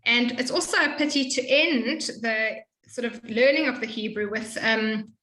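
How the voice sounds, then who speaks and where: Woman tutor, bright higher voice, echoey room, spells out sounds slow and patient. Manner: explains patiently, models sounds slowly. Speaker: Hebrew tutor. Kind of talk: one-on-one reading lesson.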